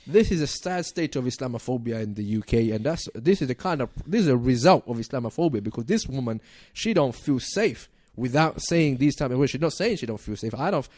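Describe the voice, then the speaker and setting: Male radio co-host, mid pitch, dry studio sound, sarcastic, loose and chatty, laughs a lot. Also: animated, brisk, hardly any pauses, a little mellow, dry recording. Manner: laughing, sarcastic, reads tweets aloud with many fillers. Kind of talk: casual current affairs chat.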